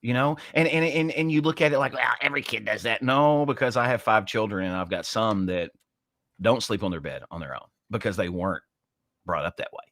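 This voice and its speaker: A man in his forties co-hosting a casual chat, telling a story with passion and sharp emphasis. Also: on the low side, a little fast, no echo. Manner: impassioned, storytelling with emphatic swings. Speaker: co-host.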